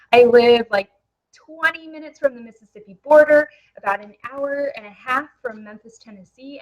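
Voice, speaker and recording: A young woman talks into a headset microphone in a live webinar. She is excitable and chatty, with lots of fillers. Her voice sits a bit high for a woman. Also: low-quality recording. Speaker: network marketing presenter.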